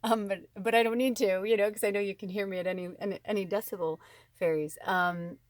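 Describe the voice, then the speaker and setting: A woman giving a casual spiritual card reading, chatty and rambling with frequent ums, warm and encouraging toward her viewers. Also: medium pitch, steady tone, fast, no room sound, studio quality.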